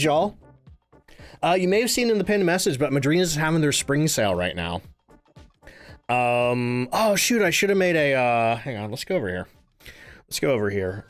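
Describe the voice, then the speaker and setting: Chatty male streamer, lively pitch. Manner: chatty, reads chat and thanks subscribers, laughs often. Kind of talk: casual live-stream chat. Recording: faint game music behind the voice.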